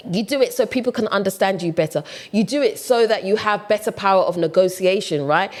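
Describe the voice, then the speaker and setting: A woman from Ghana, chatting casually to viewers in an opinion vlog, animated and full of rhetorical questions. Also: medium pitch, brisk. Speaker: vlogger.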